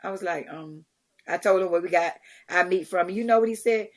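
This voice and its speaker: A middle-aged woman, a charity founder, telling lively stories in a podcast interview, acting out what others said and laughing often. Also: fairly low pitch, fairly quick. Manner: animated storyteller, acts out quotes, laughs often. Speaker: guest, community charity founder.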